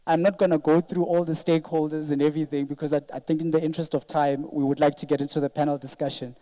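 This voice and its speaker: Man, emotional organizer at the podium, earnest and apologetic, slightly raised pitch. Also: little pitch movement, fast, mellow, rough recording. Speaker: event organizer giving a thank-you speech. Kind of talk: emotional live speech to an audience. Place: event venue, speaking to an audience.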